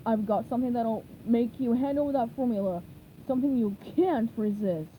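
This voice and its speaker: A woman's voice: on the high side, normal speed, dark tone, a little hiss or hum, lightly acted, low-quality recording. A woman voicing a tiny scheming male plankton villain who talks in a gloating, demanding way.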